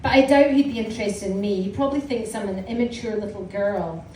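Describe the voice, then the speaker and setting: A woman's voice: mid-range voice, a little fast, darkish tone. A Scottish woman in her forties reading aloud from her teenage diary to a live audience, with a wry, amused storytelling manner. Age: 40s. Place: small indoor live venue. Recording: roomy, distant mic with audience noise.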